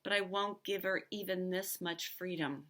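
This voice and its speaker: Expressive woman reading a novel aloud. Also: on the low side, moderate pace. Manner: expressive, stops to comment on the story.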